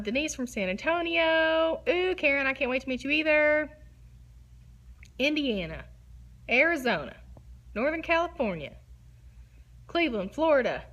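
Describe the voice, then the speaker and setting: Woman bubbly photographer, bright voice. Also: on the high side. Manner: bubbly, giggly and chatty, self-described nervous. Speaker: photographer hosting a live online talk. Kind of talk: casual livestream talk. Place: her photo studio, facing a window.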